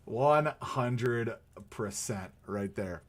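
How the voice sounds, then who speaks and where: A man's voice: medium pitch, very slow. A man hosting a live stream, chatting casually about hockey in a rambling way with many fillers and restarts.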